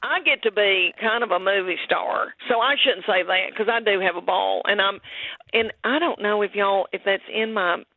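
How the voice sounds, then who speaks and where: A woman's voice: medium pitch, moderate pace, narrow, tinny audio. A middle-aged woman with a thick Southern American accent, a comedian chatting as a radio guest in a folksy way, calling people honey and darling. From Southern United States. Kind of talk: radio interview chat.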